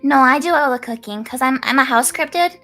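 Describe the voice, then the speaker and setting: A woman's voice: sits high, brisk, over music. An American woman chatting as a guest, playful and self-mocking. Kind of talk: casual chat.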